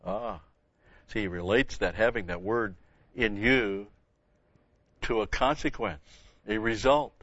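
A man's voice: fairly low pitch, measured pace, long pauses, a bit bright, no echo. An older man teaching a Bible lesson in a sermon, stressing key words and repeating phrases for emphasis. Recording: dull lo-fi sound.

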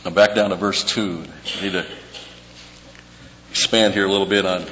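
A man preaching a verse-by-verse sermon, repeating key words slowly for emphasis. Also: low voice, steady tone, a bit bright. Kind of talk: expository sermon on scripture. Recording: dull echoey hall with faint hum.

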